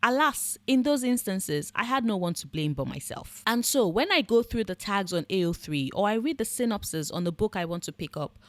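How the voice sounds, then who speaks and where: Woman, sardonic commentary host, blunt and profane, mid pitch, dry close-miked sound. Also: animated, moderate pace, few pauses, dry recording. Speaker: book and fandom commentator. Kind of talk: scripted commentary monologue.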